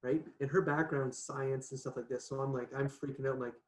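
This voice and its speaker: A man talking as a podcast guest, telling a personal story in a casual, animated way, laughing often and checking in with "right?". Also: mid-range voice, fairly quick. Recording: echoey room.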